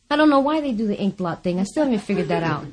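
A woman sharing her recovery story before an audience, candid and wry, often laughing at herself. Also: fairly high pitch. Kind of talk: personal testimony before an audience.

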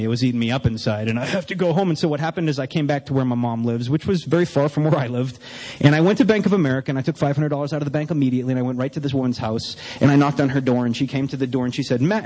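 A man's voice: a little high, a little mellow. A man giving an earnest, emotional personal testimony to a group, telling his story with repetitions and restarts. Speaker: recovery meeting speaker. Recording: reverberant hall.

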